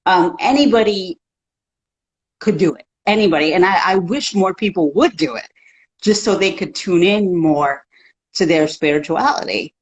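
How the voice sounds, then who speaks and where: A woman guest who works as a life coach, talking in a calm, reassuring, counseling way. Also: on the low side, normal speed, muffled recording. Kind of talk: casual chat.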